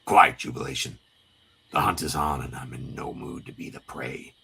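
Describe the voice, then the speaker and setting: A man doing a low, growling surly brawler. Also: level tone, moderate pace, vocal fry, sharp tone, slightly rough, heavily acted. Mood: menacing. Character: gruff growling male brawler, surly loner.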